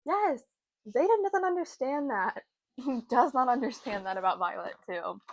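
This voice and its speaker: Casual book vlogger, woman, slightly high pitch, chatty and unfiltered, dry close sound. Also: very animated, moderate pace, no echo. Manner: chatty, swears, fillers like "um" and "like".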